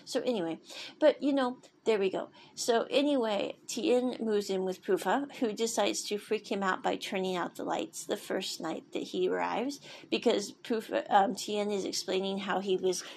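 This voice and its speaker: Rambling woman with a gravelly fry. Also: medium pitch, moderate pace, a little mellow, slight background noise. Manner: rambling, digressive, many fillers and restarts. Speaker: show recapper. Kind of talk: casual plot recap.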